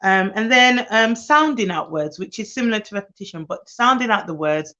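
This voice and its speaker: Tired, fast-talking woman nanny on a live stream. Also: medium pitch, expressive, bright, forceful tone, lo-fi sound. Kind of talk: live-streamed advice talk.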